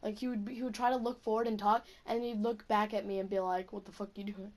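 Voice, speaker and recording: Teen girl, fairly high voice, casual vlog rant, swears a lot, keeps saying like. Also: fairly even intonation, fast, a little mellow. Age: teens. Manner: casual, profane, heavy use of "like". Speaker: student.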